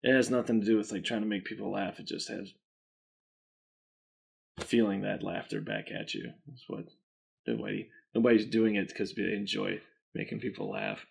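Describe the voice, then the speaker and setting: Man, comedian, interview, very gravelly, husky, blunt. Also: fairly low pitch, expressive, moderate pace, rough recording. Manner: blunt, profane. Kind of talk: documentary interview.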